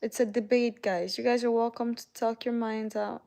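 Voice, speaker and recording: Her voice sits a little high, with warm, creaky tones and not much pitch movement, delivered at a moderate pace. She's a Canadian woman hosting a casual livestream, greeting viewers by name and reading their messages.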